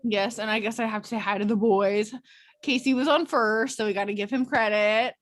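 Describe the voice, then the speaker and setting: A woman leading a casual group check-in as a clinical instructor, talking on a video call in a chatty, animated way with quick asides. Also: mid-range voice, no echo.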